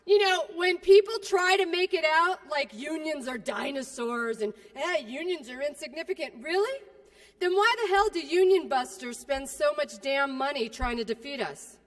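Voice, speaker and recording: A woman speaker with a high voice fires up a union crowd, blunt and profane. She drops into quiet asides, then builds to shouts. Her voice rings out with a long reverb in a large hall. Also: lively intonation, moderate pace. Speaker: keynote speaker. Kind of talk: fiery union rally speech.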